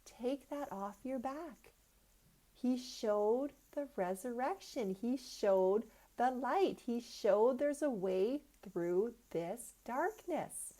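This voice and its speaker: A woman's voice: on the high side, lively intonation, slow, mellow. A woman giving a channeled spiritual oracle card reading, speaking earnestly and emphatically, with many rhetorical questions.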